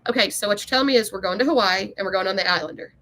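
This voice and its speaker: A woman with a bright, crisp voice, co-hosting a casual live-stream chat about cruises. She teases and banters playfully with her co-host. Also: medium pitch, very fast.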